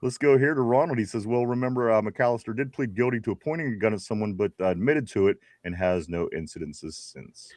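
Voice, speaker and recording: A man's voice: lowish voice, fairly quick, hardly any pauses, darkish tone, no echo. Chill pittsburgh guy hosting a live show, reading chat, laughs a lot, dry close sound. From Pittsburgh area. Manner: laid-back, laughs often, reads chat messages aloud. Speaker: podcast host. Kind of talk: casual live-stream chat reading viewer comments.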